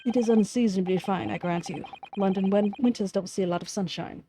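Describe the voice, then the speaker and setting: Gruff, busy London inspector, clipped English accent, read by a woman streamer. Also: mid-range voice, fairly quick, a little hiss or hum, natural voice. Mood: brusque. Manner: put-on English gentleman's accent, brusque. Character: gruff, impatient male London police inspector.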